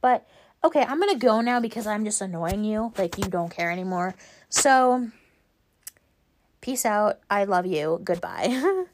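A woman's voice: medium pitch, lively intonation, measured pace, long pauses. A young woman hosting a casual solo podcast, rambling with lots of "like" and "um" fillers. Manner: rambling, filler-heavy, frequent "like" and "um". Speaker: podcast host.

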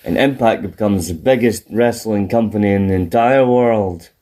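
A young Scottish man co-hosting a podcast in casual chat, deadpan and jokey, spinning absurd scenarios. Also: lowish voice, moderate pace. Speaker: podcast co-host.

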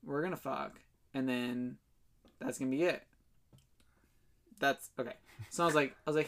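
A man's voice: mid-range voice, fairly even intonation, normal speed, long pauses, a bit bright. A young man telling a rambling story in casual chat, full of fillers and swearing and laughing as he goes.

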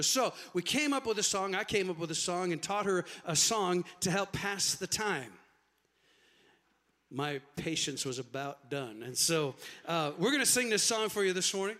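A man's voice: high-pitched, moderate pace, fairly bright tone. A middle-aged man, a pastor, telling a chatty story to his congregation during a sermon in a church. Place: church sanctuary.

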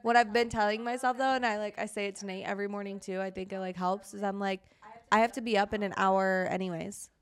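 A woman's voice: mid-range voice, steady tone. A young woman co-hosting a podcast, telling stories in casual chat full of swearing and fillers. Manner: swearing, fast storytelling with lots of fillers. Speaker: podcast co-host.

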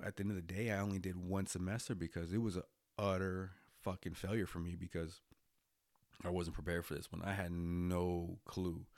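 A man's voice: low voice, gravelly, darkish tone, no room sound, clean studio sound. A man in his thirties, a military veteran, telling his own story bluntly, swearing often and restarting his sentences. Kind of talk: candid personal storytelling.

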